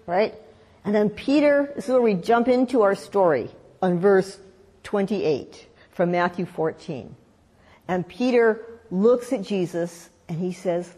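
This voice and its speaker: A woman preaching a sermon, telling a story in a lively way and acting out the voices in it. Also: medium pitch, unhurried. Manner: animated storytelling, acts out voices in quotes. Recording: long hall reverb.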